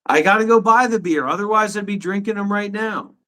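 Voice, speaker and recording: A man's voice: high-pitched, a little fast, sharp tone. A man in his thirties hosting a live stream from his apartment, ranting and swearing indignantly in a heated argument.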